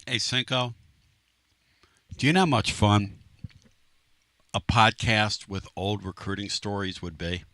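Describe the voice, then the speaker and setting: Bright brash sports radio guy, dry studio sound, tells stories big. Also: on the low side, a little slow, pauses often, dry recording. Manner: animated storyteller, does mock voices, brash. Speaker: radio show host. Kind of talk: sports talk radio chat.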